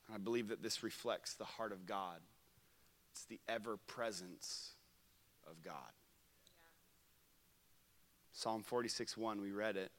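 A young man preaching a sermon at a camp, telling stories that swing from loud to hushed. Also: lowish voice, measured pace, long pauses, in a large hall. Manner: storytelling, shifts from loud to hushed. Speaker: pastor. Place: camp meeting room.

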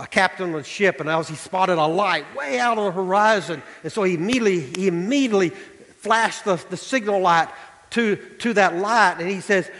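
In a church sanctuary, a male pastor with a high-pitched voice preaches a sermon that echoes through the large hall. His animated, emphatic delivery keeps rising until it nearly becomes shouting.

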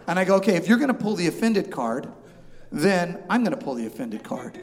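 A pastor speaks fast in a slightly high voice, turning his humorous sermon into an animated haggle where he plays both parties back and forth. His words echo with the long reverb of a large church.

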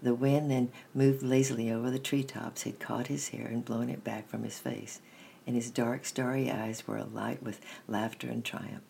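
A man reading a children's story aloud in a steady, measured first-person narration. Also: mid-range voice, gravelly, slight background noise.

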